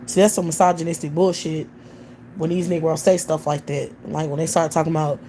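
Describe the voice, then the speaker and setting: A woman's voice: low-pitched, little pitch movement, a little fast, warm tone, a little hiss or hum. A woman hosting a livestream, ranting bluntly with heavy profanity. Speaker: livestream host. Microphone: computer or phone mic on a livestream.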